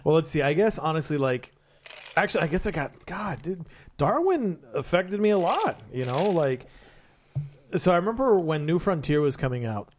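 A man's voice: fairly high pitch, sing-song, normal speed. A man co-hosting a podcast, retelling a comic book story in casual chat and acting out quotes in funny voices. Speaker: podcast co-host.

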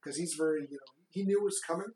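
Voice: medium pitch, quick pace, mellow. A co-host plainly summarizing a movie plot in casual chat, with fillers and restarts. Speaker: podcast co-host. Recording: roomy echo.

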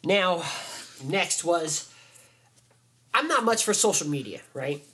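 A man's voice: on the high side, lively intonation, slow, sharp tone, breathy edge. Rambling man talking boxing. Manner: rambling, many restarts and fillers. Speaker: podcast co-host. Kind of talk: casual sports chat.

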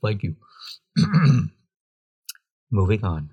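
A man's voice: on the low side, sing-song, extremely slow, warm tone, husky, dry recording, dull audio. A man hosting a show, reading a scripted segment and slipping in dry jokey asides. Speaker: podcast host.

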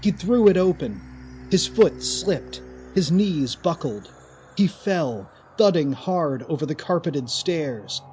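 A man narrating a horror story in a slow, deliberate, dramatic way. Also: a little high, lively intonation, darkish tone, a little hiss or hum.

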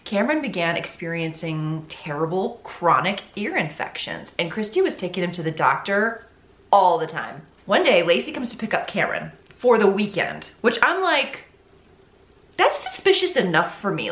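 A woman's voice: fairly low pitch, sing-song, normal speed, a bit bright. A young woman host telling a true-crime story in a casual, chatty way, full of "like" and sarcastic asides. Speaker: podcast host. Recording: roomy echo.

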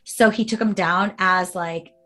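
A woman's voice: medium pitch, a little slow, soft background music. A woman co-hosting a podcast, telling a story casually, acting out quoted speech and swearing freely. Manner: animated, acts out quoted speech. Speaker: podcast co-host.

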